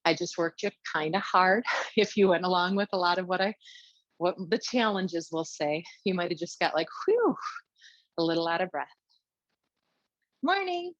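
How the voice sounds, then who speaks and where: A woman teaching a yoga class, giving chatty, encouraging cues and checking in with a quick "yeah?" as she goes. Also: on the low side, fairly even intonation, fairly bright tone, dry recording. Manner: chatty, encouraging, frequent "yeah?" check-ins, light laughs. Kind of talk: guided yoga class instruction. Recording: dull, dry lo-fi sound.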